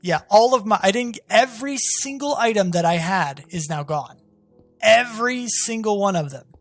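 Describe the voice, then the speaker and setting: A gaming channel host giving gameplay commentary, talking straight to viewers with excited, exasperated outbursts. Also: mid-range voice, moderate pace, dry recording, soft background music. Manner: talks to viewers as "guys".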